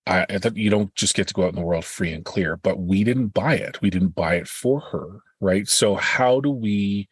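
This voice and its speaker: A man's voice: fairly low pitch, moderate pace, breathy edge, no echo. A man in his forties co-hosting a parenting podcast in casual chat, teasing with dry humor. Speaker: podcast co-host.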